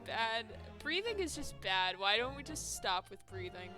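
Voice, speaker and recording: A woman's voice: fairly high pitch, very animated, normal speed, music in the background. A young woman streaming a game from home on a headset mic, chatting casually, laughing often and poking fun at herself. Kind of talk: casual live-stream chat while playing a game.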